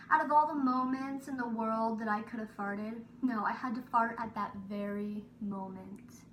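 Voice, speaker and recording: A young woman telling a funny personal story in a vlog, animated and full of fillers. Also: high voice. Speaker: vlogger. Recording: roomy, a little distant from the mic, faint hiss.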